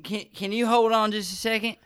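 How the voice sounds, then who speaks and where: A man voicing a very drunk young male passenger in a put-on Southern drawl, slurring loud, whiny questions. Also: sits high, flat delivery, brisk, smooth, voice pushed up. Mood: drunk, confused. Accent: American Southern (put on).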